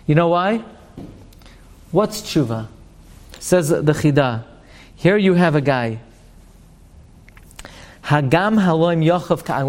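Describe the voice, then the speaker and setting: A man teaching an online Torah class, explaining texts in an animated, jokey way. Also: on the high side.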